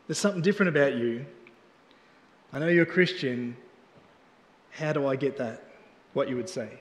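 An Australian man preaching a sermon as pastor, telling a casual, chatty story with many restarts. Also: high-pitched. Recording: echoey church hall.

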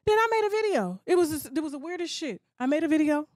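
Blunt high-voiced woman ranting. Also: lively intonation, quick pace, a little mellow, no echo, studio quality. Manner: blunt, profane, mimics others mockingly. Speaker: gossip blogger. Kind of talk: ranting monologue.

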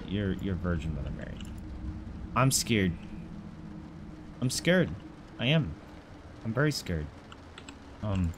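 A man's voice: on the low side, background noise. Jokey, jumpy man playing a horror game. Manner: jokey, talks to objects in the game, easily spooked. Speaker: let's play gamer. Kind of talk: casual horror game commentary.

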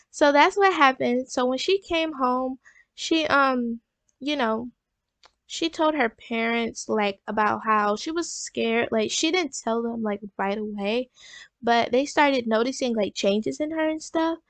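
A woman's voice: a little high, dry recording. A woman hosting a gaming channel, telling her game's story in a rambling, casual way full of fillers. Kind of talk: casual let's-play narration.

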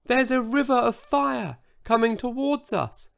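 A man voicing a huge, gentle male dinosaur with a small, soft, breathy and timid voice in a children's story. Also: very high voice, lively intonation, unhurried, pitched above the performer's own voice, exaggerated voice. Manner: timid and earnest.

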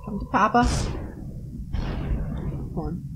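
Woman gamer host, unhurried, jumpy outbursts, faint hiss behind. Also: mid-range voice, lo-fi sound. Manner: excitable, yelps and laughs while playing. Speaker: gaming video host. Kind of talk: let's play commentary.

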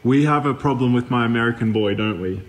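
A man's voice: medium pitch, fast talker. A man with an Australian accent, playfully teasing his small son in a home video. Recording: echoey home video with faint noise.

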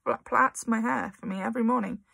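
A woman's voice: on the high side, fairly quick, vocal fry, a bit bright, breathy edge, no echo, exaggerated voice. A woman doing a terrified stuttering little girl. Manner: stuttering, frightened.

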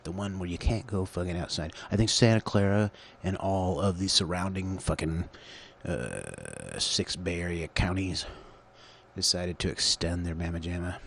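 A man's voice: deep voice, moderate pace, creaky, a bit bright, slight background noise. A man hosting his own show, rambling through a crude, profane, absurd monologue into a computer call setup. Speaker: solo show host.

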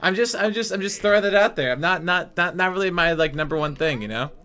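A man streaming a life-sim game, chatting casually and bursting into mock-outraged shouting. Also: sits high, quick pace. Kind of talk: let's play commentary.

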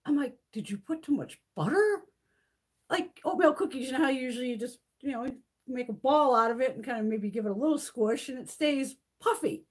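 Husky, chatty woman livestreamer, swearing freely. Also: high voice, a little fast. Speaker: beauty livestream host. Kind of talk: casual livestream chat.

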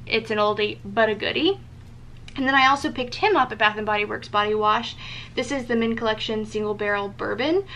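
A woman's voice: mid-range voice, pushed and bright, a little hiss or hum. A young woman vlogger chatting casually about gifts she picked, with lots of ums and likes and eager enthusiasm. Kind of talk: casual gift show-and-tell.

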